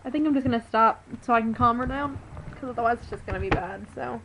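A woman's voice: a little high, quick pace, fairly bright tone, a little hiss or hum, poor audio. A woman vlogging to her webcam at home, rambling and chatty, exasperated with her pet. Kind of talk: casual talk to a webcam.

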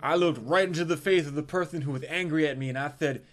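Male comic storyteller, 30s, high-pitched, foul-mouthed and brash. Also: fast, soft background music. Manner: profane, brash, animated storytelling. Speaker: comedic storyteller. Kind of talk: crude comedic storytelling monologue.

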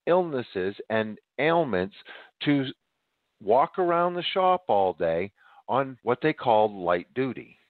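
A man's voice: mid-range voice, very animated, takes it slowly, dry recording, narrow, tinny audio. A man hosting a podcast, preaching emphatically to his listeners and sounding winded. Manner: emphatic, addresses listeners as ladies and gentlemen. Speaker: podcast host. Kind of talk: preaching monologue.

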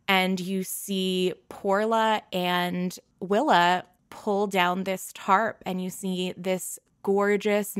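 A woman's voice: on the low side, no echo, clean studio sound. A woman game master narrating a tabletop game in a casual, chatty way with many fillers.

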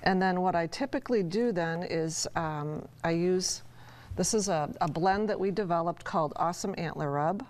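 Woman guest on a cooking show, lowish voice, chatty, demonstrating as she goes, faint noise behind. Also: normal speed, a little mellow.

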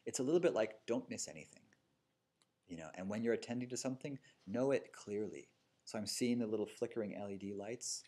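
This husky-voiced man, a meditation teacher, sits on the low side and talks briskly in a mellow tone. His dharma talk to a seated yoga-studio group is casual and story-driven, his lines often ending in "right?" or "you know."

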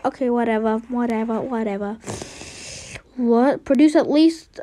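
A young woman giving casual, excitable gameplay commentary, trash-talking and trailing off into mutters. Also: on the high side, moderate pace, no room sound. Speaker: game streamer.

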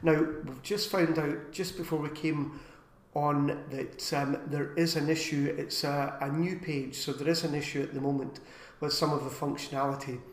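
Chatty man with a higher voice in an echoey room. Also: fairly even intonation. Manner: chatty, rambling, with filler pauses. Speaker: live stream co-host. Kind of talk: casual live stream chat.

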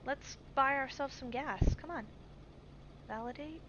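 A woman's voice: sits high, unhurried. A woman streamer giving chatty, jumpy live commentary while playing a survival game, reading on-screen text aloud. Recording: dull stream mic with faint hiss.

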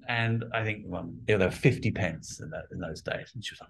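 A man's voice: lowish voice, a little fast, creaky, slight background noise. A middle-aged man telling stories in a casual interview chat, acting out voices from his childhood. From England. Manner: animated storyteller, acts out childhood voices. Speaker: guest artist.

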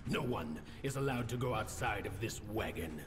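An actor voicing an officious crow detective agent in a game, giving commanding orders. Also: male voice, lowish voice, lively intonation, normal speed, lightly acted. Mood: stern. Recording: reverberant with clear noise.

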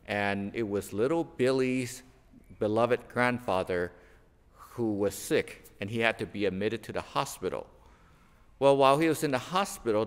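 A man, a pastor, preaching a sermon built on light stories, unhurried and telling them with lively quoted voices. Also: mid-range voice, big-room sound. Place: church sanctuary.

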